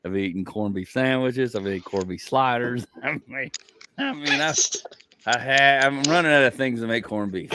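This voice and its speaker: In a relaxed chat, a man who does comedy and hosts a podcast tells a wandering story at a moderate pace, his voice shooting up in pitch as he laughs at his own anecdotes. Background noise can be heard.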